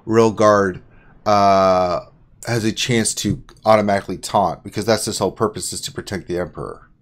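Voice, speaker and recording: A man's voice: lowish voice, normal speed. A man hosting a live game Q&A stream, chatting casually with guests on a call and teasing the chat. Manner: teasing, animated, jumps between joking and reading questions.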